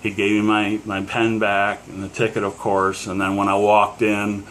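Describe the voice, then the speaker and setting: Rambling middle-aged man, low voice. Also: monotone, moderate pace, fairly bright tone, a little hiss or hum. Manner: rambling, with many fillers and chuckles. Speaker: collector. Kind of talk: casual storytelling to the camera.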